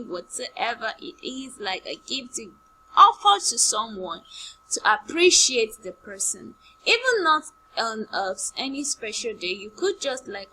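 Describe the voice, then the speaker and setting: Female primary English teacher, drills vocabulary at a slow deliberate pace, faint hum on the recording. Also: a little high, pushed and bright, poor audio. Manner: slow, drilling words by repetition with example sentences. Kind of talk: online class lesson.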